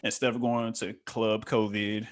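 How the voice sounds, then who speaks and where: A man's voice: on the low side, flat delivery, unhurried, very noisy. A man co-hosting a reality show recap, talking loosely with lots of fillers and acting out quotes in a raised voice. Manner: heavy filler words. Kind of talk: casual chat.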